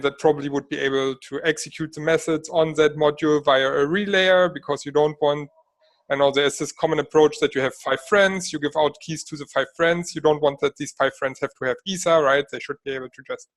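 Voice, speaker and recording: A man's voice: fairly high pitch, fairly even intonation, a little fast. A man on a video call working through a technical point, thinking aloud and often checking with "right?". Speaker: developer on a community call. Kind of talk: technical discussion.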